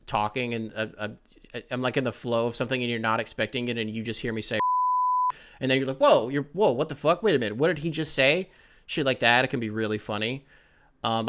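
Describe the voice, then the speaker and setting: Bright-voiced rambling male podcast host. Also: mid-range voice. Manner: rambling, self-deprecating, profane, with frequent fillers. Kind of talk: casual solo podcast talk.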